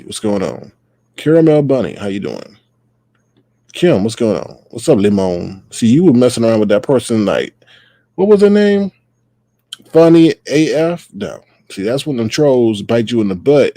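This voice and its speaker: A man's voice: medium pitch, mellow, no echo. A man hosting a casual livestream, greeting viewers by name in a loose, playful way. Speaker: livestream host.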